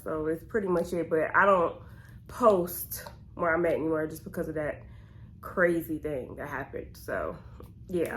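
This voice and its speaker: A woman's voice: lowish voice, a little hiss or hum. A woman, talking to her viewers in a candid, slangy get-to-know-me Q&A. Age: 20s. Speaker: vlogger.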